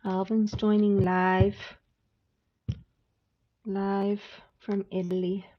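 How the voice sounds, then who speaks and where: A woman's voice: medium pitch, level tone, very slow. Chatty woman reading tarot on a live stream. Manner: chatty and warm with viewers, laughs often. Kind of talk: casual live-stream chat with viewers. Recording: slightly dull lo-fi sound with faint noise.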